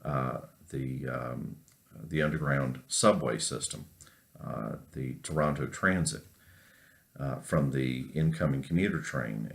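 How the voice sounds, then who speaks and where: A man from North Carolina, a professor giving a recorded class lecture, telling an unhurried story with many fillers. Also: rumbling low.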